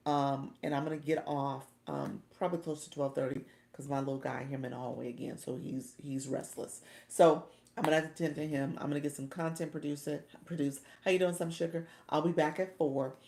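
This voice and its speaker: A woman's voice: low voice, fairly even intonation, fairly quick, creaky, hardly any pauses, a little mellow, roomy sound, a little hiss or hum. A middle-aged woman from Florida, hosting a casual livestream from home, chatty and often laughing as she talks to her viewers. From Orlando, Florida. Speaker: livestream host and coach.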